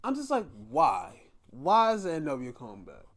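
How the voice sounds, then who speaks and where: A man's voice: a little high, wildly swooping pitch, normal speed. A young man hosting a podcast, giving a profane, exasperated rant in casual commentary. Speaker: podcast host.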